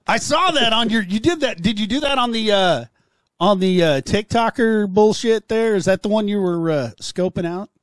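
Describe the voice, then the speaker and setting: High-voiced man ribbing his friends. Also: lively intonation, no room sound, studio quality. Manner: giggly, ribbing, halting. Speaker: podcast co-host. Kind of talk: casual podcast chat.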